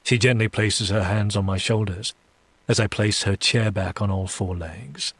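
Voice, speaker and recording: Man, story reader, husky, lowish voice, slow deliberate narration, dry close sound. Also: fairly even intonation, fairly bright tone, no room sound. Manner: slow, deliberate, low reading with menacing asides. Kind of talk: first-person audiobook narration.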